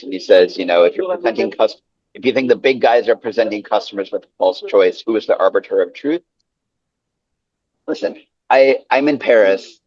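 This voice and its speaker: A man with a New York accent speaking on a panel discussion in an animated way, often breaking off and restarting. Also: dry recording, lo-fi sound. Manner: animated, self-interrupting, lively pitch swings. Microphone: webinar call.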